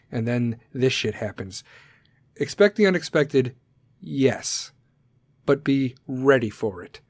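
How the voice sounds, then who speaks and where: A man hosting a segment, ranting bluntly and aggressively at listeners and swearing constantly, his volume swinging between loud and soft. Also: fairly high pitch, no echo. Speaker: podcast segment host. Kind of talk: profane rant to listeners.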